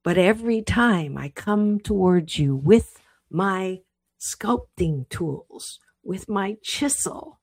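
A woman voicing a loving, divine sculptor who speaks gently from the clouds. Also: mid-range voice, animated, slow pace, no echo, pitched above the performer's own voice. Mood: tender. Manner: tender, coaxing.

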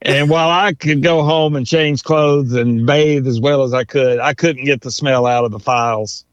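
A man, a lawyer and author, telling animated anecdotes in an interview and chuckling as he goes. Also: mid-range voice, moderate pace, no room sound. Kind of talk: storytelling interview. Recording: dull, dry sound.

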